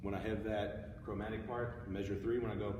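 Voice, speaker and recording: A man's voice: fairly low pitch, little pitch movement, a little fast, background noise. A man giving a casual, upbeat music lesson, explaining how to play a passage. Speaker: music teacher. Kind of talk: instrument tutorial. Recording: echoey room from far off.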